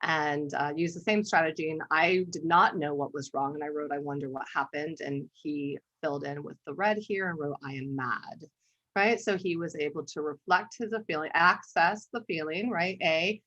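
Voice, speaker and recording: A woman art therapist presents a workshop over a video call, shifting easily between teaching and telling a personal story. Her voice sits a little low, and she often clears her throat between phrases. The audio is dull and lo-fi, like a live-streamed webinar. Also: normal speed, a bit bright. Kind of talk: conversational webinar talk with storytelling.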